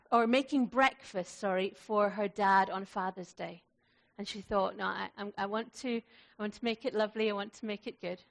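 A woman preaching a sermon in a fairly high voice, chatty and personal, with frequent laughs. She slows right down when she recites prayer. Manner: warm, conversational, laughs often. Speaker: pastor.

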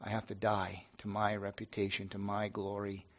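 A middle-aged pastor speaking earnestly and haltingly to his congregation, with many restarts. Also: fairly low pitch, monotone, a bit bright. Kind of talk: informal devotional talk to a congregation.

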